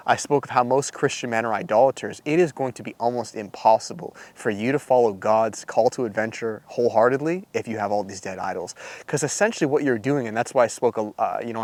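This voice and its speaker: Male Christian men's coach, casual preachy delivery, filler-heavy, mid pitch, dry close sound. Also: no echo. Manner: animated, lots of fillers and rhetorical asides. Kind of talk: casual preachy talk to camera.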